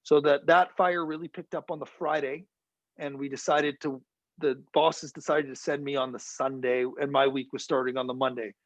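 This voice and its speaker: A man's voice: mid-range voice, steady tone, normal speed, no room sound, low-quality recording. A man from Canada, a TV news reporter, telling vivid stories as a guest in a virtual talk and acting out the people he quotes. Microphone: video call.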